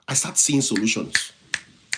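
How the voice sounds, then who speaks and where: A man's voice: fairly low pitch, animated, unhurried, noisy background. A man with a non-native English accent hosting a motivational livestream, preaching in repeated phrases and thanking viewers by name. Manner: reads viewer comments and thanks them by name. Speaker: livestream host, motivational speaker.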